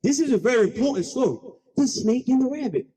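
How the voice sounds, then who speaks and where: Man, keynote speaker, very high voice, animated, slangy, call-and-response storytelling. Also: fast talker, husky, big-room sound. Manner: playful, slangy. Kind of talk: storytelling speech.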